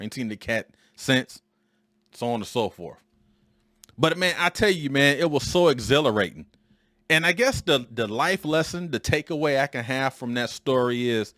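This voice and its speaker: A man in his forties hosting a podcast, telling a personal story in an animated, emphatic way. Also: mid-range voice, no echo, clean studio sound. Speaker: podcast host. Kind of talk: storytelling monologue.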